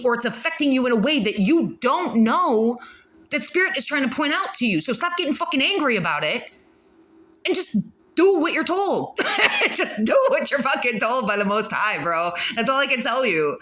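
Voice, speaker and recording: A woman's voice: high-pitched, expressive, moderate pace, fairly bright tone. A woman doing a casual spiritual card reading, blunt and profane, laughing often as she talks. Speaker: tarot reader.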